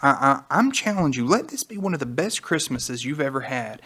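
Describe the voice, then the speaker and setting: Man, mid-pitched, earnest and exhorting, conversational Bible teaching co-host. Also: very animated, a little fast, sharp tone, breathy edge. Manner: earnest, exhorting, rising to emphatic peaks.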